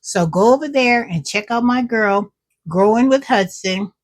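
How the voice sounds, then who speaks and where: A woman's voice: fairly high pitch, a little slow. A middle-aged woman hosting her own cooking vlog, chatting with viewers while she tastes her food. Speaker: cooking vlogger. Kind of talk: casual cooking vlog chat.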